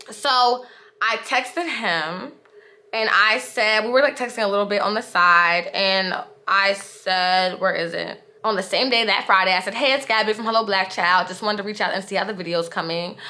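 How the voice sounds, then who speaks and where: A young woman recounts her story to the camera in a candid, exasperated vlog voice. Her tone is bright and clear, pitched in an ordinary middle range. She talks casually, leaning on "like" as she goes. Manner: candid, exasperated retelling with frequent "like". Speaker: vlogger.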